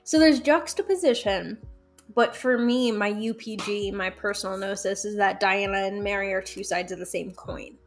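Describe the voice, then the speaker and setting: A woman guest in a casual interview, talking in a lively, chatty way with frequent laughs and fillers. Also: medium pitch, normal speed, faint music behind. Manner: animated, chatty, laughs often, many fillers. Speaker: guest, folk magic practitioner.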